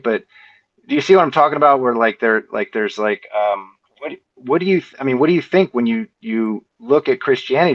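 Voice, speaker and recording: A man's voice: fairly low pitch, a bit bright. Rambling man asking questions, dull audio. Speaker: discussion participant. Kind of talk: casual discussion.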